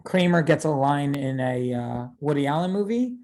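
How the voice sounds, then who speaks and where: A man's voice: on the high side, expressive, moderate pace, darkish tone. A man in his thirties, a rabbi giving a casual lecture, chatty and full of fillers and tag questions. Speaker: rabbi teaching a class.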